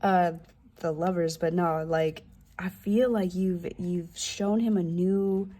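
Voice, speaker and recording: Slow husky woman reading tarot. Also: lowish voice, fairly even intonation, dark tone. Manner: loose and profane, slangy asides. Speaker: tarot reader.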